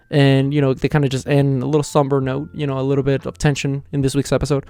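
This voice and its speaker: A man's voice: mid-range voice, completely flat delivery, quick pace, mellow, smooth, no echo. A man casually reviewing an anime episode, retelling the plot in a loose, chatty way.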